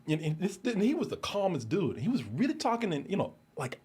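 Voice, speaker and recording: A man telling a story in casual chat, animated, laughing often and restarting his sentences. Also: fairly high pitch, fast talker, few pauses, breathy edge. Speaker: show regular telling a story.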